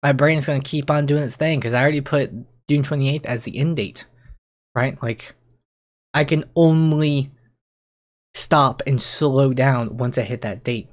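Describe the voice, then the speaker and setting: A young man talks straight to camera in a loose, rambling vlog voice at a middling pitch. He stumbles over and restarts his sentences, then jumps up in pitch whenever his excitement builds. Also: a little slow. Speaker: streamer and YouTuber. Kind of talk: casual vlog monologue.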